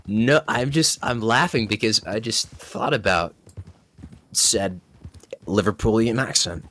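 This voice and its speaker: A man's voice: fairly low pitch, a little slow, fairly bright tone. A man chatting in a roleplay stream, giggly and self-deprecating as he tells stories. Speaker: roleplay player. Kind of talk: in-character roleplay chat.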